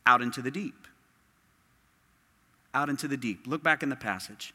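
In a church sanctuary, with the long reverb of a large hall, a man preaches as pastor with emphatic, impassioned delivery and lots of repetition. His voice is medium pitch at a normal speed, with a sharp tone and a breathy edge.

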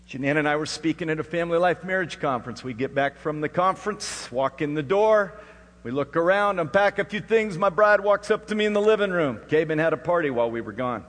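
A middle-aged man preaching a sermon and telling a family story, going from hushed and tender to loud and emphatic. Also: on the high side, a little fast. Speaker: pastor. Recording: echoey hall with faint hum.

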